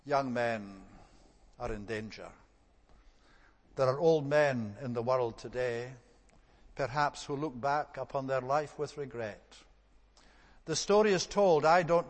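Male preacher, mid-pitched, emphatic sermon delivery, long hall reverb. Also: measured pace. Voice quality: emphatic, rising to stress points then dropping low.

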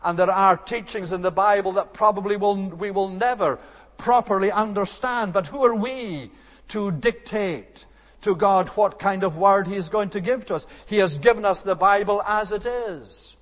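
A man's voice: sits high, normal speed. A man preaching an expository sermon, earnest and emphatic, building to rhetorical outbursts. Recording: long reverb of a large hall.

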